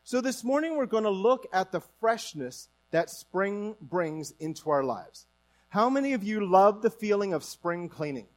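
A man's voice: sits high, animated, a little slow. A man from Newfoundland with a Newfoundland accent, preaching a conversational sermon to his congregation and asking them questions. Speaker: pastor.

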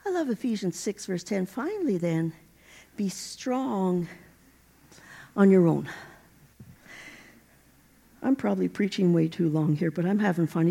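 A middle-aged woman preaching a sermon, animated and exhorting her congregation. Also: on the low side, creaky.

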